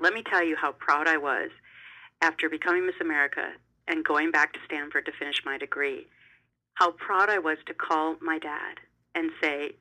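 A middle-aged woman speaks as an interview guest with a strikingly bright, piercing tone. She tells stories with emphatic energy and sometimes repeats words as she rushes on. The sound is thin, like a radio or phone line. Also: deep voice. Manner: animated, emphatic, repeats words when excited. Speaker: interview guest, television host. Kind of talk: conversational interview storytelling.

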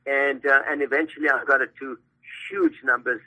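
Brief: older South African man phoning in, chatty and boastful, bright tense voice, husky edge. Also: mid-range voice, steady tone, normal speed. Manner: chatty, boastful, rambling with fillers. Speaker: guest, hair stylist and brand CEO. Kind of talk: phone-in interview. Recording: tinny phone line.

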